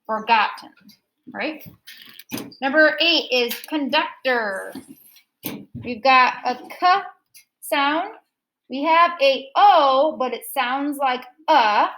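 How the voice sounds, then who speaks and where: High-voiced teacher drilling phonics syllables. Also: female voice, lively intonation, fairly bright tone, slight background noise, rough recording. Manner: slow, repeats words to stress syllables. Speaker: second grade teacher. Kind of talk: phonics lesson.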